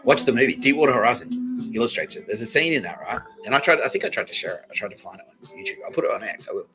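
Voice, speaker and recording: A man's voice: mid-range voice, sing-song, rapid-fire, over music, poor audio. A man hosting a comedy podcast livestream, rambling, swearing freely and often breaking into laughter. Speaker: podcast host.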